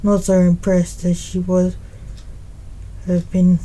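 A woman reading a fan story aloud in a plain, unhurried way. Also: fairly low pitch, completely flat delivery, warm tone, rough recording. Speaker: narrator.

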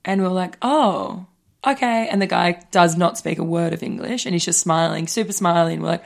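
A woman, co-hosting a podcast and telling a travel story in a casual, animated way. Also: on the low side, creaky. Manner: fast, animated, laughing, swears freely. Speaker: podcast co-host.

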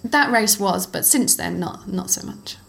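A middle-aged woman, a former cyclocross racer, chatting as an interview guest and telling lively stories with frequent laughter. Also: medium pitch, a little slow, creaky, slight background noise. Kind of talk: casual conversational storytelling.

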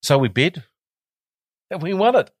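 An Australian man in his fifties spins animated stories as a guest. He often doubles back on his words as he goes. His voice sits dry and close to the mic. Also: fairly high pitch, a little slow, slightly rough, no echo. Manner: animated, repeats words and restarts. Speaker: guest, former cricketer. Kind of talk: casual storytelling.

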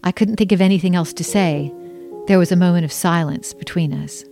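A woman's voice: fairly low pitch, a little fast, gravelly, dark tone, soft background music. A woman reading her own memoir aloud, telling her story in an earnest, emotional first-person way.

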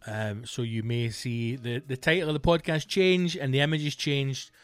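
A Scottish man rambles through his own podcast in a loose, joking monologue. His voice sits at an ordinary middle pitch and is recorded close and dry. Faint music plays underneath. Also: fairly even intonation, moderate pace, smooth, no room sound. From Scotland. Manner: rambling, jokey, with playful put-on bits. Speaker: podcast host, comedian. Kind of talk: casual comedic monologue.

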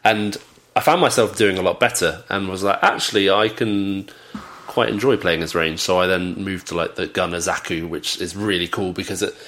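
A man's voice: deep voice, steady tone, normal speed, a bit bright. A man co-hosting a podcast, chatting casually and rambling through stories with many fillers. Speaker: podcast co-host. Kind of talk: casual chat.

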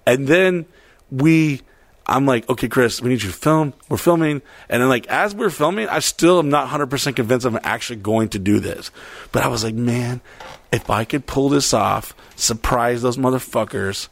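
A man's voice: mid-range voice, normal speed, vocal fry, no room sound. A man telling a long story in casual chat, rambling and swearing, acting out what people said. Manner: profane, rambling, animated retelling with quoted voices.

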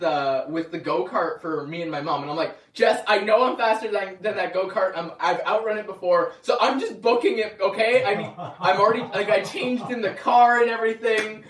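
A man's voice: high voice, far from the mic. A young man telling a story in casual chat, laughing often and acting out quoted lines. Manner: excited, laughing storyteller who acts out quotes. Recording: roomy, from off-mic.

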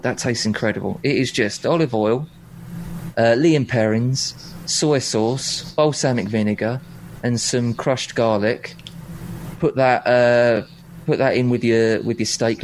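Man, guest, casual chat, enthusiastic, halting restarts, mid-pitched voice. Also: a little hiss or hum, rough recording.

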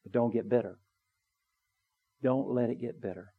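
A man preaching a sermon in a church, earnest and conversational, building to emphatic pleas and dropping to soft, quiet appeals. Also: medium pitch, moderate pace, husky, phone-quality sound. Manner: conversational with small asides. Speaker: pastor. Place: church sanctuary, also live streamed.

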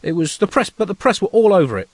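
A man's voice: high voice, sing-song, fast talker, dry recording. A man co-hosting a satirical comedy podcast, riffing absurdly and rambling through restarts. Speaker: co-host.

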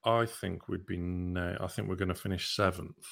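Brief: young male football podcast host, playful, rambling, low-pitched. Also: steady tone, moderate pace, vocal fry, a bit bright. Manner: chatty, hesitant with many ums, playful. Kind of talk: casual chat and interview hosting.

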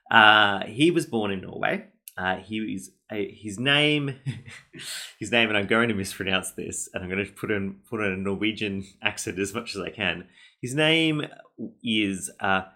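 A man with a very low voice chats casually as a podcast host. His tone is gravelly yet bright. He rambles along, full of fillers and restarts. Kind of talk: casual chat.

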